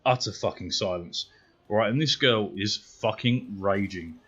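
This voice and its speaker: A British man streaming a game, telling a story in a casual, profane way that grows animated and louder as he gets worked up. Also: on the low side, unhurried, husky, dull audio. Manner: profane, swears constantly. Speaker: gaming streamer.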